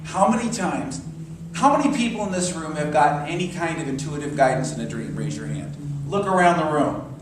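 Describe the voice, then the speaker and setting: A man's voice: on the high side, a little fast, recorded from a distance, noisy background. Man teaching in an echoey church hall. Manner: animated storyteller, acts out quoted voices. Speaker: minister. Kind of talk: sermon-style class talk.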